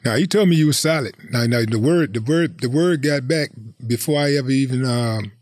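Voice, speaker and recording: A man interviewing a guest in a relaxed, casual chat, asking short questions. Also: mid-range voice, fairly quick, dry recording, clean studio sound.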